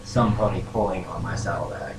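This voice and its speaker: Young man player, playful, low lively voice, loud noisy roomy recording. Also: brisk. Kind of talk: casual role-play chat. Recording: roomy room, loud background noise.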